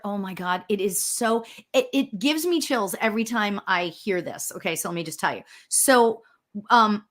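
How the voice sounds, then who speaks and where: A middle-aged woman, a spiritual medium, hosting a casual chat, animated and quick to laugh. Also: mid-range voice. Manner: animated, laughs often, squeals when excited. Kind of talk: casual chat on a live show.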